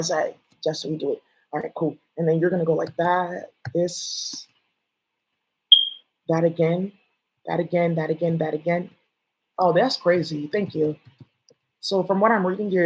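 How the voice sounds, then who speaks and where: A woman's voice: on the low side, a little mellow, husky, low-quality recording. A woman vlogger talking to her viewers in a rambling, jumpy monologue, swearing often.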